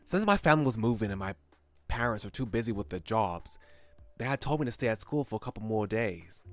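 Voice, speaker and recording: A young high-school guy narrates his own misadventures, read aloud by a man. The voice sits a little low, the telling is lively and exclaims at the gross moments, and quiet game music plays underneath. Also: natural voice.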